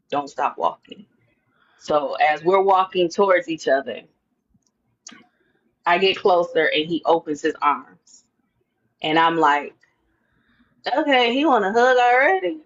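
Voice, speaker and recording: A woman telling a lively personal story in an interview, acting out her own thoughts and the other people's words. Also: low voice, dull audio. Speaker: interview guest. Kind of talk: animated storytelling.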